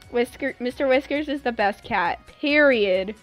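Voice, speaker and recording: A woman's voice: high voice, lively intonation, normal speed, few pauses, faint music behind. A young woman streaming a game live, effusively and dramatically thanking her viewers with lots of exclamations.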